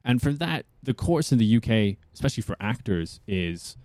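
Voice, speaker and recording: A man's voice: fairly low pitch, very animated, normal speed, a little mellow, no echo. A young man from South Africa, an actor, talking casually and rambling as an interview guest. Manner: rambling, thinks aloud.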